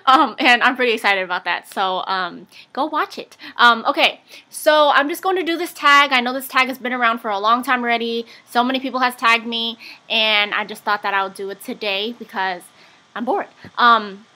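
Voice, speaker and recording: A young woman chats straight to camera in an offhand vlog, filling gaps with ums and little asides. Her voice is bright and a touch high. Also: normal speed. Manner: chatty, lots of fillers and asides. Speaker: vlogger. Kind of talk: casual chat.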